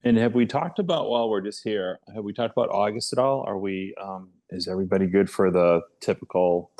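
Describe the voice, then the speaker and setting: Very deep-voiced man in a meeting. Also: fairly quick, darkish tone. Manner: friendly, joking, trailing questions. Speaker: commission member. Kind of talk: casual meeting talk. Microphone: video call.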